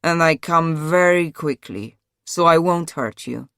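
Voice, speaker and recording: A woman voicing a distrustful wealthy man in a true-crime audiobook, slow, flat and emphatic. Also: low voice, smooth, no echo, studio quality.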